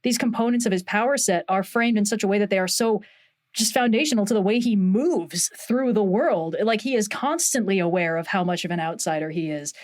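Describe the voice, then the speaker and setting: A woman talking casually and enthusiastically on a podcast, animated and swearing now and then. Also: mid-range voice, a little fast. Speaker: podcast guest.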